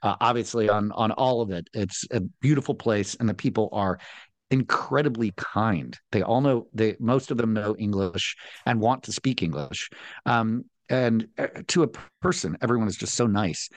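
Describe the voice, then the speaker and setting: A man's voice: lowish voice, normal speed, no room sound. A man co-hosting a casual podcast, chatting wryly with frequent ums. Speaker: podcast co-host. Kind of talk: casual chat.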